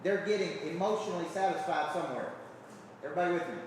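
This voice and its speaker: Fast-talking and high-voiced, the man coaches a live hall audience with emphatic energy and repeated rhetorical check-ins. The background is noisy, and the echoey hall is captured from a distance.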